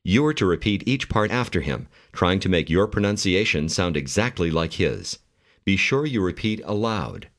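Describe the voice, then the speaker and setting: A man giving calm, measured instructions as the narrator of a language course. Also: low-pitched. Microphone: studio mic.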